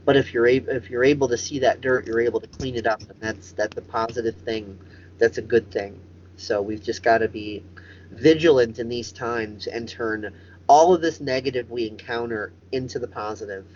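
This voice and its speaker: A man's voice: mid-range voice, moderate pace, darkish tone, muffled recording, a little hiss or hum. Profane rambling male show host. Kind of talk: casual comedic chat.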